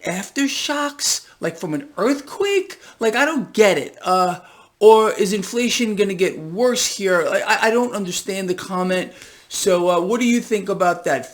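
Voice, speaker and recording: Male vlog host, high-pitched, tired, exasperated and mocking, casual market rant. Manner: animated, exasperated, swears, mocks. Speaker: host of a market commentary channel.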